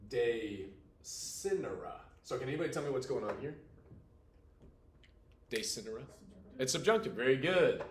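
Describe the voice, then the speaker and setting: A man's voice: medium pitch, slight background noise. A man teaching a Latin class, quizzing students playfully and walking them through a poem line by line in a classroom. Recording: echoey classroom room sound.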